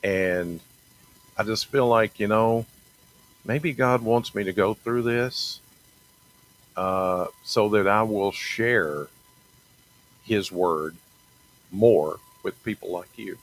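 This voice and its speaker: Slow, earnest low-voiced man. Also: rough recording. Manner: earnest, halting, repeats and restarts, preachy. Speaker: TV meteorologist sharing faith talk. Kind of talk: personal faith reflection, casual monologue.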